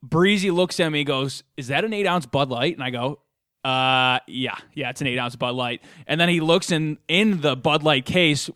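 Young man, bright tense voice, dry close sound, self-mocking storyteller. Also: on the high side, normal speed, clear, resonant tone, dry recording. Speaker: podcast co-host. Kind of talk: casual storytelling among friends.

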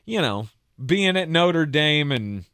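A man's voice: fairly high pitch, sing-song, slow pace, fairly bright tone, clear, resonant tone, no echo, clean studio sound. A man co-hosting a sports talk show, easygoing and playful, often restarting his sentences. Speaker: sports podcast co-host. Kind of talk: casual sports debate.

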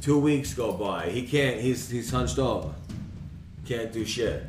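A man's voice: medium pitch, lively intonation, measured pace, roomy sound, far from the mic, music in the background. A man telling a long story in a casual podcast chat, profane and rambling, often acting out what others said. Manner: profane, rambling, acts out quoted voices. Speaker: podcast co-host.

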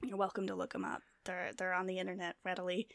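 A woman's voice: fairly low pitch, monotone, quick pace, vocal fry, no room sound, studio quality. A woman co-hosting a casual true-crime chat, telling the story with many fillers and asides. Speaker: podcast co-host.

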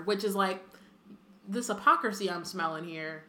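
Young female podcast co-host, reads the book aloud with chatty asides, bright tone, echoey room. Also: medium pitch, measured pace. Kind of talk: casual chat and reading aloud.

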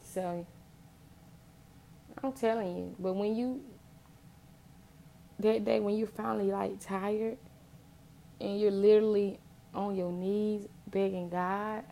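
A woman's voice: medium pitch, steady tone, slow, gravelly, long pauses, dark tone, slight background noise. A woman giving an earnest, impassioned motivational faith talk, repeating phrases for emphasis.

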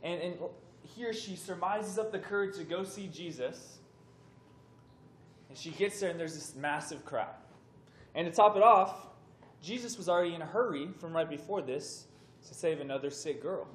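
A man's voice: a little high, moderate pace. Young man telling a story in an echoey hall. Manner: animated, conversational, acts out voices in stories. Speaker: youth speaker. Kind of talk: casual sermon storytelling. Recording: echoey room with faint background noise.

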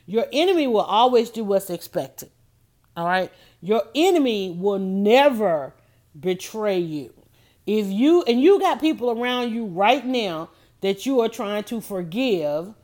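A woman's voice: medium pitch, darkish tone. A woman hosting a casual motivational talk, emphatic and preachy, repeating her points. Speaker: host.

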